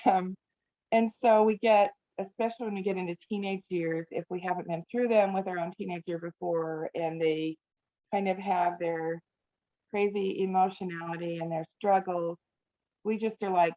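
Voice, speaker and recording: A woman's voice: on the low side, steady tone, moderate pace, warm tone. A woman who works as a family therapist, talking earnestly in an interview, sometimes mimicking a scolding parent. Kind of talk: podcast interview. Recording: tinny phone-like remote line.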